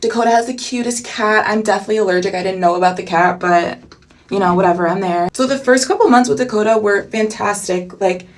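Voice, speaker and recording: A young woman telling a personal story in a chatty storytime vlog, animated and full of asides. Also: mid-range voice, a little fast, far from the mic.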